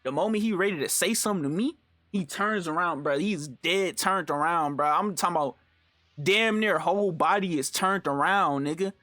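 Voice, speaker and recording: A young man telling a story in casual, animated street slang, full of fillers and swearing. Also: high voice, normal speed, no room sound. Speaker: storytime vlogger.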